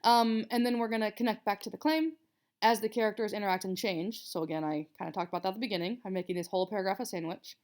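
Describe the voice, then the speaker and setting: A woman's voice: medium pitch, lively intonation, very fast, few pauses, a little mellow. A young woman teacher explaining a writing assignment to students in a casual, chatty way, with many fillers. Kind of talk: casual recorded writing lesson.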